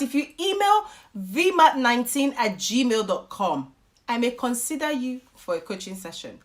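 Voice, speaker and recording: A high, bright-voiced young woman with a Nigerian accent hosts a chatty live stream. She reads out viewer comments and answers them, sometimes dropping into pidgin. Her pitch swings widely as she talks. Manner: animated, chatty, slips into pidgin and laughs often. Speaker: YouTube host and life coach.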